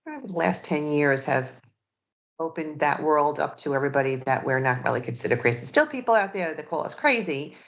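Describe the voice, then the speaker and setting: A woman podcast host in relaxed, casual interview chat, giving frequent mm-hmms. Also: deep voice, a little fast. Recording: dull lo-fi audio.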